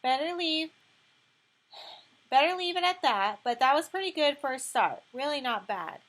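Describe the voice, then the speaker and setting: A woman's voice: high-pitched, expressive, moderate pace, fairly bright tone, voice pushed up. Gilly, a woman reading as a brash tough girl. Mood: brash, bossy. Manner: swaggering, blunt, slangy. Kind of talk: audiobook reading.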